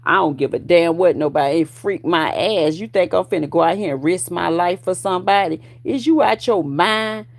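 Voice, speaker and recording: Gravelly, profane woman in her forties ranting. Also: fairly low pitch, moderate pace, few pauses. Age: 40s. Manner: profane, confrontational, loud bursts of laughter. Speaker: vlogger. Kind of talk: ranting commentary to viewers.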